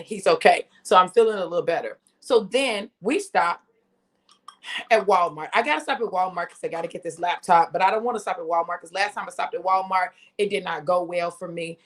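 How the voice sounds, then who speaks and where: Chatty woman in her fifties. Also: on the low side. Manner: animated, chatty, talks straight to viewers. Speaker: host. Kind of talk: casual live-stream storytelling.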